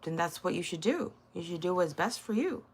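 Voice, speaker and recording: A woman's voice: fairly low pitch, lively intonation, a little fast, slightly rough. A woman hosting a casual livestream, sassy and blunt, teasing her chat and swearing freely. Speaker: livestream host.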